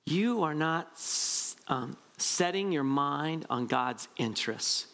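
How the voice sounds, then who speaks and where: A man preaching a conversational, animated sermon, often asking "right?" to his listeners. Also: a little high, takes it slowly. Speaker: pastor.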